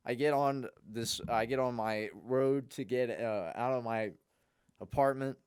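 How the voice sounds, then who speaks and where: A young man, a podcast co-host, telling a long, rambling story in a casual, animated way. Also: medium pitch, unhurried, clear, resonant tone, no echo, studio quality.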